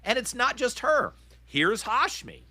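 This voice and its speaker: Indignant, lively-voiced male podcast host. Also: extremely high pitch, a little slow, no echo. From Virginia. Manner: indignant, impassioned ranting. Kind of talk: political talk show commentary.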